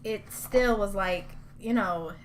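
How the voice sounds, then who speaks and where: A woman's voice: mid-range voice, slow, slight background noise. A woman hosting a casual podcast, talking in a heated, profane rant and repeating her points for emphasis. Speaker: podcast host.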